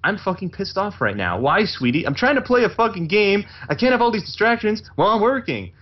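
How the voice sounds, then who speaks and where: A man's voice: sits high, very animated, a little fast, voice pushed up. A man putting on a whiny, foul-mouthed male gamer streamer who is paranoid and hot-tempered, ranting and cursing, on a muffled lo-fi recording. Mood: angry ranting. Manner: ranting, cursing, indignant whining.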